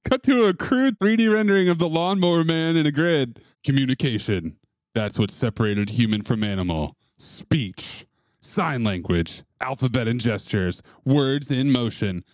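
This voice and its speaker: A young man co-hosting a movie podcast, recapping the plot with wry, deadpan asides. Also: mid-range voice, moderate pace, no echo, clean studio sound. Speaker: podcast co-host. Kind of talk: casual movie commentary podcast.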